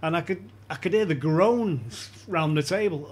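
In a laid-back storytelling chat, a podcast guest with a slightly high, slightly rough voice speaks at normal speed. He animates his anecdote by performing quoted voices and laughing.

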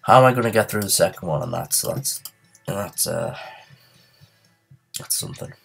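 A man's voice: deep voice, expressive, moderate pace, creaky, fairly bright tone, breathy edge, faint music behind. A man who is ill, giving let's play commentary while playing a game, frustrated and muttering curses at it. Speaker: gaming channel host.

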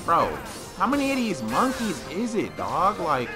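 Man shouting through gameplay commentary. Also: sits high, wildly swooping pitch, measured pace. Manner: loud outbursts, slangy, trash-talking the game. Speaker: gaming YouTuber. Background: game music.

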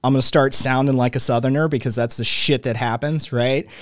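A man's voice: mid-range voice, fairly even intonation, fairly quick, no room sound, studio quality. Wordy man hosting a call-in chat. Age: late 30s. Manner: talkative, wordy, many fillers and restarts. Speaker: podcast host. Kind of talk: conversational interview.

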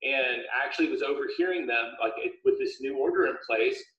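Steady man explaining in an echoey room. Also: medium pitch, brisk. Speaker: author and guest. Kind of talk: casual video call chat. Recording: echoey room, dull lo-fi audio.

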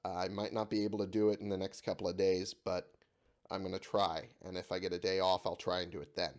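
Sick, cursing low-voiced gaming host. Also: male voice, flat delivery, fast. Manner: swears freely, exasperated at the game. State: sick, voice giving out. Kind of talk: let's-play commentary.

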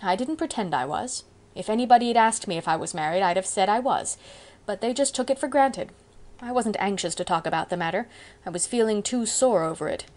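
A woman's voice: mid-range voice, expressive, fairly quick, a little mellow, natural voice. A woman voicing a grumbling, sheepish older male farmer in an audiobook, talking in a rueful, folksy way.

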